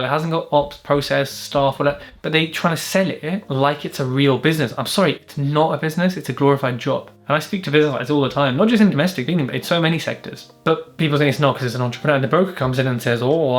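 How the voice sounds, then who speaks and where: A man from the UK, a business mentor, telling a deal story to camera in a blunt, sweary, animated way. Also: fairly high pitch. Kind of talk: casual monologue to camera.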